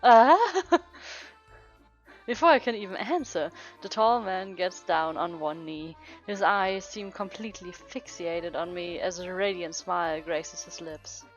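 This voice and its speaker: A woman with a slightly low voice reading a romance game aloud and chatting between lines. She giggles and interrupts herself often. The sound is muffled and lo-fi, with faint music behind. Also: normal speed, hardly any pauses. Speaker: game streamer. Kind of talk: casual let's-play commentary and read-aloud.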